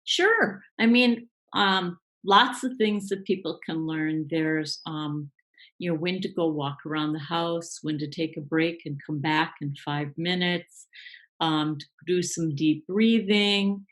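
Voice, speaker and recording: A woman speaking as a guest coach in a live online interview, explaining in a relaxed way with many fillers. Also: deep voice, takes it slowly, low-quality recording.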